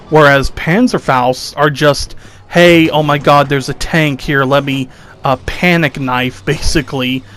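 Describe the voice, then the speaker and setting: A man's voice: on the high side, fairly bright tone, slight background noise. A young man doing sarcastic, exasperated commentary over gameplay footage, mocking his critics. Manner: exasperated, sarcastic, mocks critics in whiny voices. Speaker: gaming commentator.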